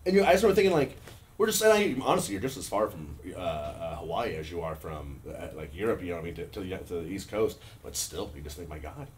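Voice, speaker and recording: A young man in casual conversation, animated and playful, his voice swinging widely up and down as he jokes. He swears freely and talks loosely, with a faint hiss in the background. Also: fast talker. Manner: animated, jokey, swears freely, pitch jumps when joking. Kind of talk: casual chat.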